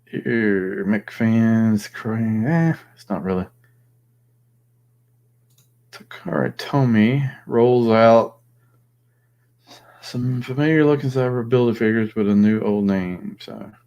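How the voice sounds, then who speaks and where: A man's voice: mid-range voice, slow pace, creaky, pauses often, a little mellow, lo-fi sound. A man hosting a casual live chat, rambling and thinking aloud with plenty of fillers. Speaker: host.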